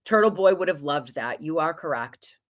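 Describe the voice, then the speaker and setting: Animated, swearing New woman storyteller. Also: sits low. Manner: animated, profane, quick asides and laughter. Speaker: livestream host. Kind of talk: casual storytelling chat.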